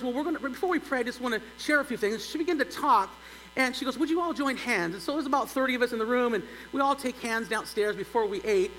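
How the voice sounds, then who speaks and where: A middle-aged male pastor telling a humorous story in a sermon, animated and building to loud exclaims. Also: extremely high pitch. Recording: long church reverb, faint hum.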